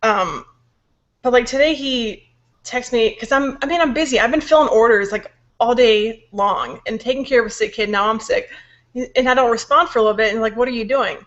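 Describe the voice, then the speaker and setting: A young woman with a slightly high voice and a sore throat, venting in casual chat. She sounds worn out and frustrated and slips into swearing when riled. The recording is dull and lo-fi. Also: a bit bright. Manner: frustrated, swears when angry, quick asides. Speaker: podcast co-host venting.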